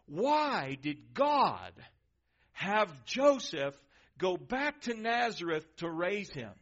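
A high-pitched man preaches an emphatic sermon in a church, putting questions to the congregation. He swings between loud, urgent lines and soft, hushed ones. The sound is dull and lo-fi. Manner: emphatic, varies volume, asks the crowd questions.

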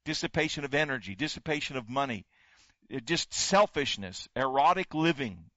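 A man's voice: mid-range voice, animated, normal speed, sharp tone, no echo, muffled recording. A male pastor delivering a sermon, building points through emphatic repetition.

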